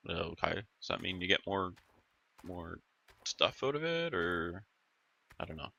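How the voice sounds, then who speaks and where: A man's voice: low-pitched, big pitch swings, unhurried, creaky, sharp tone, dull audio. A man giving casual, rambling commentary while playing a video game, musing aloud with plenty of fillers. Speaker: gaming YouTuber.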